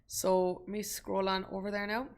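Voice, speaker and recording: A woman's voice: medium pitch, little pitch movement, normal speed. An Irish woman giving a live stock market webinar, chatty and self-deprecating, breaking off with asides to her viewers. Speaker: investment webinar presenter. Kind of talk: live screen-share stock tutorial.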